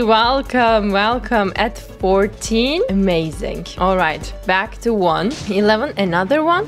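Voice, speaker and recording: A young woman streamer giving excitable commentary on her game pulls, pleading and squealing as the results come in. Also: mid-range voice. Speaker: gaming content creator. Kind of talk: excited gacha-pull commentary.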